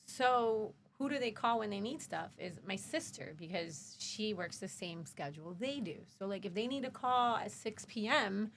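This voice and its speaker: A woman's voice: medium pitch, moderate pace, vocal fry, few pauses, slight background noise. A woman who works in hospitality, a podcast guest telling family stories in casual conversation and acting out quoted dialogue with frank, salty language. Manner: animated, acts out quoted dialogue, swears freely.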